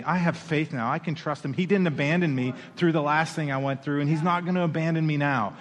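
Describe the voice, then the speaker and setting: A man preaching a sermon as pastor, animated, with playful asides and acted-out quoted voices. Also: on the high side, big-room sound.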